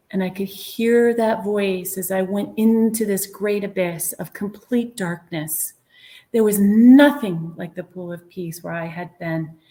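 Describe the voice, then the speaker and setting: A woman's voice: medium pitch, warm tone. A woman guest on a podcast, telling a personal story in an earnest, reflective way, sometimes dropping to a whisper. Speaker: guest medium sharing a near-death experience. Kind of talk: storytelling in an interview.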